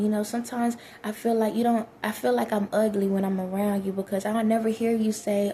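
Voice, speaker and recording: Woman, blunt and preachy, mellow gravelly tone, talking straight to listeners. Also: medium pitch, flat delivery, fairly quick, a little hiss or hum. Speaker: relationship advice vlogger. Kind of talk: casual advice monologue.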